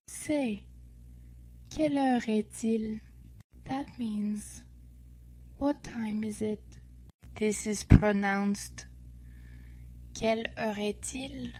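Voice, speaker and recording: A woman giving a language lesson, saying each word slowly and repeating it for learners. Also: mid-range voice, dark tone, poor audio. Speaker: French teacher. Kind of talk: slow, deliberate language lesson.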